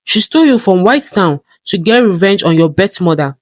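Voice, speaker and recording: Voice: mid-range voice, animated, normal speed, dry recording, clean studio sound, close to an everyday voice. The narrator voicing a loyal man who speaks earnestly and urgently.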